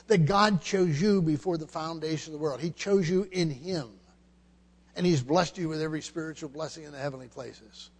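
Male pastor, high-pitched, emphatic expository preacher who repeats phrases; long hall reverb. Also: moderate pace, husky. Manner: emphatic, repeats key phrases, frequent restarts. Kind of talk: expository sermon.

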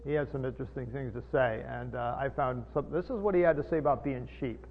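A man's voice: mid-range voice, fast, a little hiss or hum. Folksy preacher man in an echoing hall. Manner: folksy, explains Greek words, asks the audience questions. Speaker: pastor teaching. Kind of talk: sermon, Bible teaching. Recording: long hall echo, tinny phone-like sound.

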